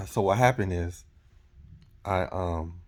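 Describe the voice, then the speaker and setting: A man's voice: sits low, very animated, very slow, gravelly, slightly rough. A man, a truck driver, telling a rambling story in a casual vlog and often correcting himself as he goes. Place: in or near his truck.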